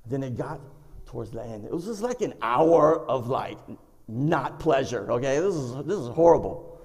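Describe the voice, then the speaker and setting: A man's voice: mid-range voice, normal speed. A man telling a funny personal story to a live audience, acting out voices and sounds. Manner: animated, acts out voices and sound effects. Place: stage of a performing arts center. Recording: long reverb of a performing arts hall.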